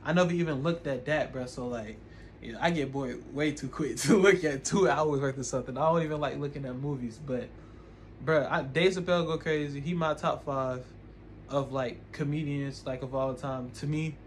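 A man's voice: medium pitch, moderate pace, a little hiss or hum. A man hosting a reaction video, chatting casually in slang and laughing often. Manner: laid-back slangy chat, laughs often.

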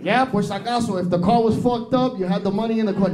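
Brash high-voiced young comic. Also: male voice, fast talker, darkish tone. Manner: brash, profane, switches into Spanish. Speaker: stand-up comedian. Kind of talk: stand-up comedy set. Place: small improv theatre stage. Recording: roomy live club recording with crowd.

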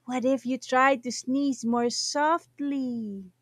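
A woman's voice: high-pitched, steady tone, takes it slowly, no echo. A woman voicing an eager, cheerful little pig.

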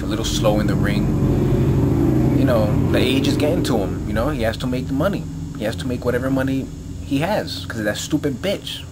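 Heavy background noise surrounds a mid-range male voice. It belongs to a video blogger ranting angrily and profanely to camera, rambling on with lots of fillers and repetition.

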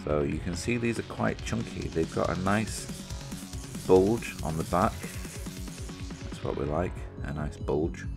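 A man's voice: sits low, unhurried, vocal fry, over music. A British man chatting casually as he demonstrates a product he is unboxing, thinking aloud and poking fun at himself. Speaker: reviewer presenting an unboxing.

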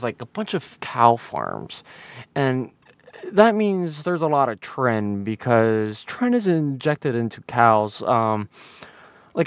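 A man's voice: medium pitch, dry recording. A man in his twenties chatting casually on a live stream, tipsy from shots, rambling and swearing constantly. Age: 20s.

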